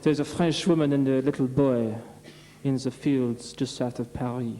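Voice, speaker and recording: A man's voice: medium pitch, fairly even intonation, normal speed, dark tone, rough recording. A man on stage at an amateur revue, telling long jokes to a live audience in a rambling, chatty way. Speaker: revue comedian.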